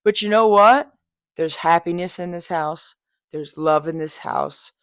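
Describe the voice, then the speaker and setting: A young woman hosts her own podcast in a loose, confessional monologue, frank and heavy on profanity. Her voice sits on the lower side for a woman. The sound is close and dry, with no room echo. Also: measured pace. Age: young adult. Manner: blunt, frank, swears freely, chatty asides. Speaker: podcast host. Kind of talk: casual personal monologue.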